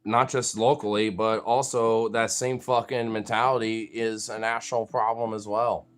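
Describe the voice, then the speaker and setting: A man talking casually and profanely, rambling with fillers and restarts, sometimes jumping into high playful baby talk with his pets. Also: level tone, moderate pace.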